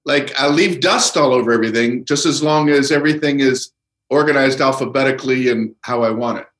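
Middle-aged comedian guest in a roomy space. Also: male voice, medium pitch, a bit bright. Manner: measured storytelling with pauses. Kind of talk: relaxed podcast conversation.

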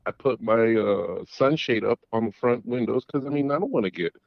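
A man's voice: medium pitch, moderate pace, creaky, dry recording. A middle-aged man, calling in, tells a long story in a rambling way, with restarts and repeated words. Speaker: caller. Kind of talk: casual storytelling. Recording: dull lo-fi audio.

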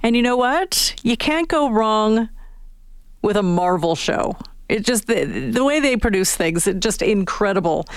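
A woman's voice: medium pitch, animated, a little slow, smooth, dry recording, studio quality. A woman from Canada hosting a morning radio show, chatting in an upbeat, enthusiastic way as she interviews a guest.

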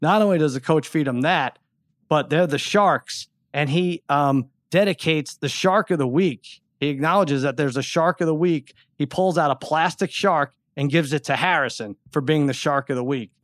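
A man's voice: a little high, normal speed, no echo, clean studio sound. Exasperated middle-aged man telling a story. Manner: animated storyteller, exasperated rants. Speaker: podcast co-host. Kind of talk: casual chat.

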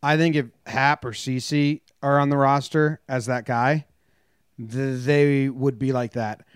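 A man's voice: mid-range voice, fairly even intonation, slow pace, smooth, no room sound, clean studio sound. A man co-hosting a casual sports podcast, joking and teasing his partner and reading an ad playfully. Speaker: podcast co-host.

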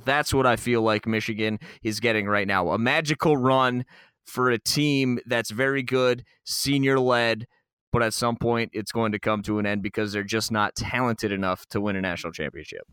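A man's voice: medium pitch, fairly bright tone, clear, resonant tone, no room sound, studio quality. A man co-hosting a casual sports talk show, breaking down a matchup with confident analysis.

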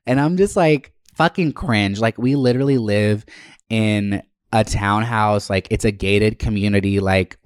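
A man's voice: lowish voice, unhurried, smooth, no room sound, studio quality. A man telling a story in a casual, profane and exasperated rant.

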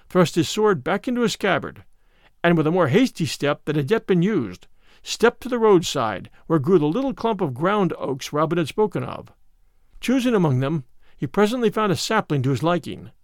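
A man narrating a classic story as an audiobook in a measured, expressive way. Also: on the high side, no room sound, clean studio sound.

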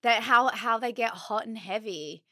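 A woman's voice: fairly high pitch, measured pace, sharp tone. A woman co-hosting a podcast in casual chat, joking in a cheeky, bawdy way. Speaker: podcast co-host.

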